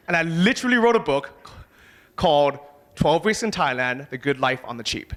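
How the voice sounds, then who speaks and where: A man giving a motivational talk on a conference stage, casual and energetic, swearing now and then. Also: on the high side, moderate pace. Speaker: conference speaker.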